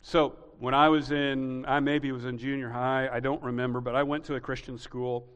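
A man's voice: mid-range voice, little pitch movement, normal speed, smooth. A male pastor preaching a sermon emphatically, building to repeated rising peaks. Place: church sanctuary. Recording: reverberant hall.

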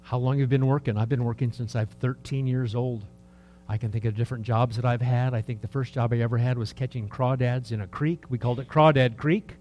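A man in his early sixties preaching a sermon in a conversational, rambling way, full of rhetorical questions, dropping to soft asides and rising for emphasis. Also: mid-range voice, brisk, lo-fi sound, soft background music. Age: 60s. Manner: lively, swings between soft asides and raised emphasis. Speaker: pastor.

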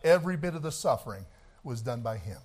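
A man preaching a sermon, swinging between shouted, fiery passages and quieter, conversational talk. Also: mid-range voice, sing-song, fast talker.

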